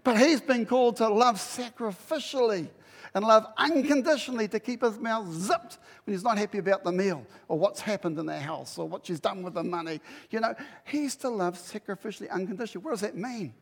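A man's voice: high voice, fairly quick, vocal fry, long reverb tail. A middle-aged man preaching a sermon, telling a story and acting out the dialogue with lots of energy. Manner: animated storytelling, acts out dialogue. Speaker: pastor.

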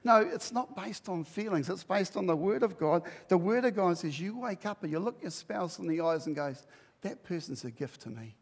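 A man's voice: high voice, moderate pace, creaky, hardly any pauses, long reverb tail. A middle-aged man preaching a sermon, telling a story and acting out the dialogue with lots of energy. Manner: animated storytelling, acts out dialogue. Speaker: pastor.

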